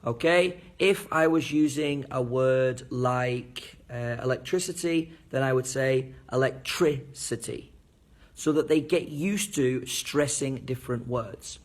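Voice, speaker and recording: A man teaching fellow teachers at a board, speaking clearly and enunciating each syllable as he demonstrates. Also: medium pitch, a little slow, hardly any pauses. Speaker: English teacher. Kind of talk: teacher training lesson at a board.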